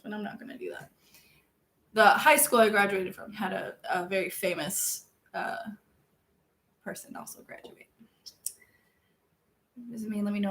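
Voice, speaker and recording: Young woman, casual streamer chat, self-deprecating, laughs often, loud outbursts and soft mumbles. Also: mid-range voice. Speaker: streamer reading viewer chat.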